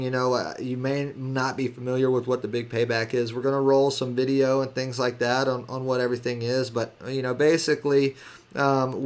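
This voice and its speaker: A man hosting a casual video call, speaking in an easygoing, affirming way. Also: mid-range voice. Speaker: host.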